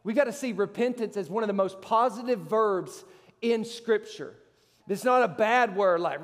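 Pastor, male, high tenor preacher; emphatic delivery, sharp jumps on questions; long hall reverb. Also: normal speed. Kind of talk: sermon.

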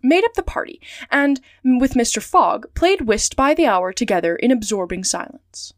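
A woman hosting a story podcast, reading a classic novel aloud in a clear, steady way. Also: fairly high pitch, normal speed, no room sound, clean studio sound.

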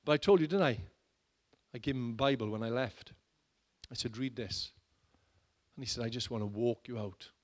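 A middle-aged man preaching a sermon, dramatic and shifting between loud urging and hushed low lines. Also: moderate pace. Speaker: pastor.

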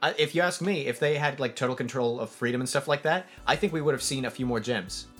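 A man's voice: medium pitch, quick pace. A man co-hosting a casual podcast chat, joking and telling stories. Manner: animated, joking storyteller. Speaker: podcast co-host.

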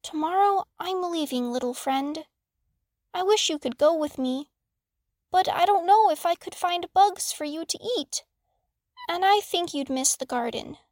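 Brief: woman doing a kind young boy in a storybook reading, soft and slow, dry close recording. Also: very high voice, no room sound, pitched above the performer's own voice. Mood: tender. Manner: gentle and soft-spoken.

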